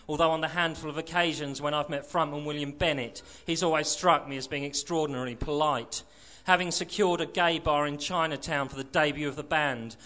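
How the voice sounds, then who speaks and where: A man's voice: a little high, bright, forceful tone. Man reading a sardonic short story. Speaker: reader.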